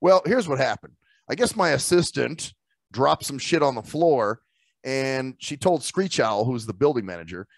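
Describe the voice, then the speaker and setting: A man co-hosting a loose podcast chat, telling a gripe story with plenty of swearing and laughs. His pitch jumps around a lot as he acts out other people. The sound is dry and close, with no room echo. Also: expressive, moderate pace, vocal fry. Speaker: podcast co-host. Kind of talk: casual chat.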